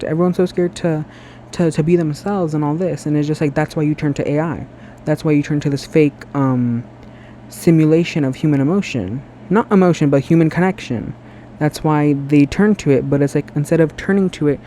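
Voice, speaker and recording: A male vlogger rambles casually to his phone camera from his bathroom at home, chatty and sassy with lots of "girl" and "like." His voice is a bit high and mellow, and he comes across as emotional and earnest, calling himself sensitive. There's a little hiss or hum on the recording.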